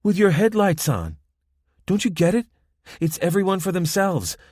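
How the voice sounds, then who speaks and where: A teasing, self-assured young woman with a soft Spanish accent guards a roadblock, as a male narrator puts her on. Her voice sits well above his own deep tone and has a playful edge. It is recorded close and dry. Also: big pitch swings, moderate pace, dry recording. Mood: hard. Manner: mocking, playful, giggly. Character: young woman, armed roadblock gang member, teasing and confident. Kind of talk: audiobook character voice.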